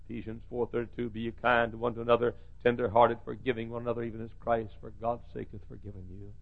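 A man preaching a sermon in a church, swinging from hushed lines to shouting. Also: medium pitch, level tone, fast, creaky, narrow, tinny audio.

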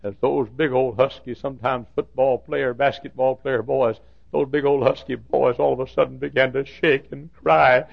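A man in his fifties preaching a sermon, dropping to a hushed storytelling voice and then rising to fervent shouts. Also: medium pitch, fairly even intonation, moderate pace, creaky, few pauses, no echo, muffled recording. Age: 50s. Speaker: pastor.

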